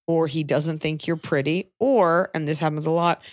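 Low-voiced chatty woman podcaster. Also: fairly even intonation, normal speed, dry recording, clean studio sound. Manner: chatty, frank, joking asides. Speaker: podcast host. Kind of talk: casual podcast chat, advice.

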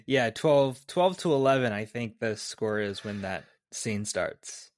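A man co-hosting a podcast, talking about a film in a relaxed, hesitant way. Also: on the low side, measured pace, no echo, clean studio sound. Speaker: podcast co-host. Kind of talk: casual movie discussion.

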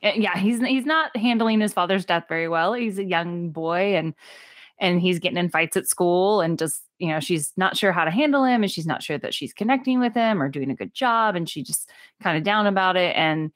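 A woman co-hosting a casual movie podcast, chatty and quick to laugh. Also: lowish voice, no echo, studio quality. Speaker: podcast co-host.

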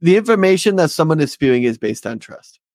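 A man's voice: fairly high pitch, big pitch swings, quick pace, darkish tone, no room sound, studio quality. A man co-hosting a casual political podcast, rambling with many fillers. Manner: rambling, filler-heavy, talkative. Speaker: podcast co-host.

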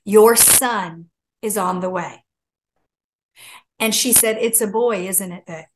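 A middle-aged woman telling a long personal story as a guest, animated and acting out the voices she quotes. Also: medium pitch, slow pace, noisy background. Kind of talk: casual storytelling.

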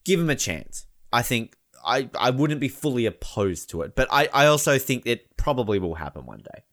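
Lively Australian man, chatty and rambling. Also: mid-range voice, normal speed. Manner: chatty, laughs often, rambling. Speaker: podcast co-host. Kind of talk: casual chat.

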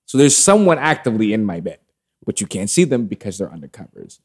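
A man with a low, mellow voice tells a story in casual chat. He is animated and swears freely, with loose street slang running through his delivery. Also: fast, breathy edge.

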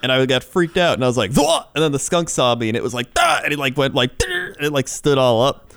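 A man's voice: medium pitch, quick pace, fairly bright tone, clean tone, dry recording. A man co-hosting a casual comedy talk show, reading odd news stories aloud and laughing often.

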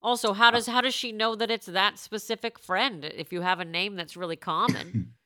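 Woman podcast cohost, super bright tone, animated jokey banter, laughs a lot. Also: mid-range voice. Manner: animated, quick jokes, laughs often. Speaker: podcast co-host. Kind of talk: casual comedic chat.

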